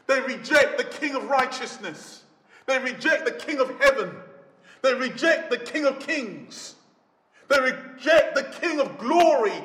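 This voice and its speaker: Man preaching, bright sharp voice, big swings loud to soft, long church echo. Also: very high-pitched. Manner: dramatic, rising to shouts and dropping to near whispers. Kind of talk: sermon. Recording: echoey church hall.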